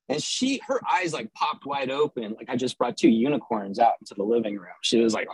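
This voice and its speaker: A man's voice: medium pitch, sing-song, fairly quick, slightly rough, no room sound, poor audio. A middle-aged man from Southern California telling a personal story with wry, self-mocking humor and frequent restarts.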